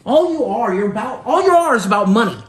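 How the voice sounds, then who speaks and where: A man's voice: very high voice, animated, fast. A man playing a whiny adult man who nags about money in a comedy sketch. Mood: nagging. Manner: nagging, exasperated. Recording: noisy clip played on stream.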